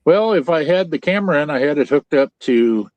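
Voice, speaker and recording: Speaking a little high with lively intonation and a brisk pace, this older podcast host from central Illinois has a darkish tone. He chats casually from his home trailer over a Starlink video call, telling folksy stories that ramble and restart. The recording is dry, with the highs cut off.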